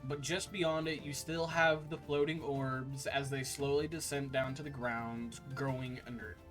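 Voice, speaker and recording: A man narrating scenes as the game master of a tabletop game, slow and descriptive with filler words. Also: medium pitch, steady tone. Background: faint background music.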